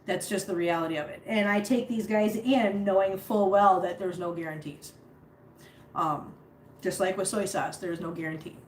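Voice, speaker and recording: A woman's voice: medium pitch, normal speed. A middle-aged woman chatting casually on a live stream from her home floor, rambling with many fillers and restarts. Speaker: cat rescuer streaming live. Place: home, sitting on the floor among cats. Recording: roomy home recording, faint background hum.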